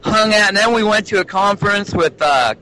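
A man guest in casual chat who has a lisp on his S and TH sounds because he speaks without teeth, excitable, calling people "baby". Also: high voice, a little fast, poor audio. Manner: excitable, calls others "baby".

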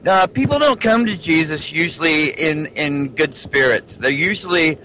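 A man with a bright, forceful voice and a lisp that softens his S and TH sounds, since he has no teeth. He chats casually as a guest, pitched a little high, excitable and calling people "baby". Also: normal speed, a little hiss or hum, poor audio. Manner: excitable, calls others "baby". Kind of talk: casual chat.

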